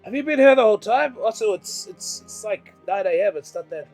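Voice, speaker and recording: A man's voice: high voice, animated, fairly quick, darkish tone, no echo, soft background music. A man voicing a chatty, easily rattled adult man who stammers and repeats himself. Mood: awkward.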